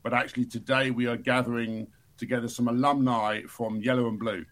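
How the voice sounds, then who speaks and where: A male podcast host with a middling pitch kids around with his guests, then switches into a measured welcome for the listeners. His delivery is clear and conversational. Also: flat delivery, fairly bright tone. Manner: joking, then formal show intro. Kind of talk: casual chat.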